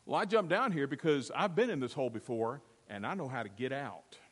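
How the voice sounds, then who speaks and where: A man voicing an ordinary man who calmly reassures someone stuck in a hole. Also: mid-range voice, a little fast, husky, voice pushed down. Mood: reassuring. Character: calm, ordinary rescuer man. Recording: long hall reverb.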